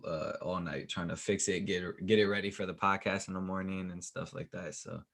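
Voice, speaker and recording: A man's voice: sits low, brisk. A man hosting a podcast, sounding a little tired, chatting casually and repeating his words. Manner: relaxed, repeats words, laughs often. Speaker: podcast host.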